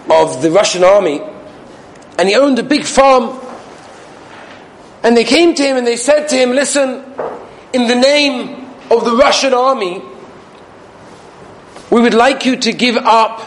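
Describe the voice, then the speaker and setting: A man teaching a religious class, telling a parable with acted-out quotes and a lively, laughing manner. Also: extremely high pitch, slight background noise. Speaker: rabbi giving a Torah class. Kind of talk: sermon with a told parable.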